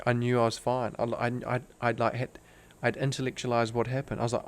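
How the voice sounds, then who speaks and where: A young Australian guest on a podcast tells a personal story with earnest intensity, using "like" constantly. His medium-pitched delivery is completely flat and brisk, with hardly any pauses, and the tone is clean. The setting is a casual storytelling interview.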